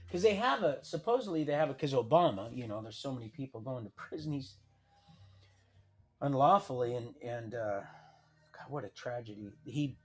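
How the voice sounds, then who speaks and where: A man's voice: mid-range voice, lively intonation, moderate pace, breathy edge. A man on a livestream telling a personal story in a rambling way, with many restarts and trailing sentences, reading documents aloud and adding wry asides. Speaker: livestream host.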